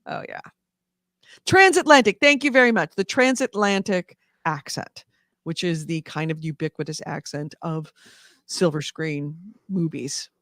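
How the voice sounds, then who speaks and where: A man's voice: fairly high pitch, measured pace, a bit bright, no echo, studio quality. A man from California co-hosting a casual gaming news podcast, rambling with many fillers and restarts. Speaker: podcast co-host.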